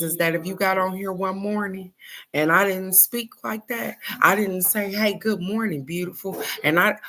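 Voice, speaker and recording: An older woman, hosting a morning live stream and talking in a casual, heartfelt way to her viewers, often asking "guess what?". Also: lowish voice. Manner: repetitive, warm-hearted, asks "guess what?".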